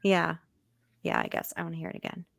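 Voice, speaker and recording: A young woman chatting casually on a reaction channel, skeptical and quick to laugh, with lots of filler words. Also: on the low side, sing-song, vocal fry, a bit bright.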